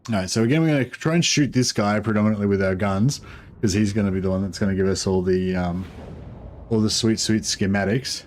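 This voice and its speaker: Lowish-voiced guy chatting loosely over a strategy game, lots of ums. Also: fairly quick. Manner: relaxed, rambling, many fillers. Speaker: gameplay streamer. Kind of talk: casual gameplay commentary.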